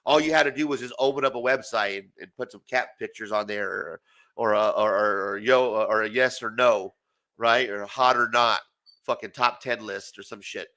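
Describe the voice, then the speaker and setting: A man's voice: lowish voice, moderate pace. A man in his forties hosting a comics talk show, ranting casually with lots of swearing and laughter. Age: 40s. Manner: profane, animated, laughs often. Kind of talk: casual late-night rant.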